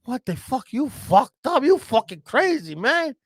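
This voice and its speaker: A man putting on his excitable neighbor, a Spanish-speaking man who shouts in broken English in disbelief. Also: extremely high pitch, a little slow, breathy edge, dry recording, clean studio sound, pitched above the performer's own voice, exaggerated voice. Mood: shocked.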